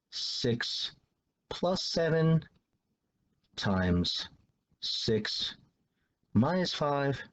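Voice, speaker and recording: A man's voice: medium pitch, lo-fi sound. A man teaching a math lesson in a casual, loose way, repeating himself as he explains. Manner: loose, repetitive explaining with restarts and fillers.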